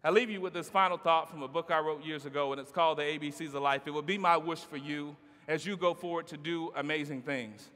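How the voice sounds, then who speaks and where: Man, motivational keynote speaker, high voice, rhythmic playful delivery, long hall reverb. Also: fairly even intonation, fast, hardly any pauses, bright, forceful tone. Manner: rhythmic, call-and-response style delivery with playful asides. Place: large conference hall.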